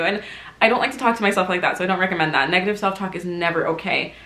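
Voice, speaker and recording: A young woman vlogs from home, bright and forceful in tone though she sounds teary. She shifts between soft, reflective talk and loud bursts of self-mockery, and the room around her rings with echo. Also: fairly low pitch, very fast. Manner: emotional, open, swings from quiet reflection to loud self-mocking. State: teary, recovering from crying. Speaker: vlogger. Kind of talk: candid personal vlog. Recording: echoey room.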